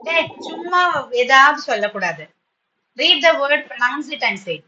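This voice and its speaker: Bright-voiced woman teacher. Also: high-pitched, big pitch swings, very fast, highs cut off, slight background noise. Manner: patient, encouraging, praising often; switches into Tamil when explaining. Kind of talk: online spoken English class.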